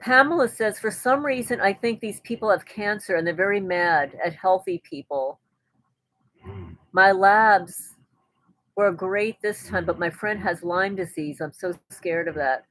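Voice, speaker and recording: A woman's voice: medium pitch, a little slow, fairly bright tone, no room sound, low-quality recording. A woman hosting a casual live stream, reading viewers' comments aloud and answering them in a chatty way. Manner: chatty, with frequent restarts and light laughter.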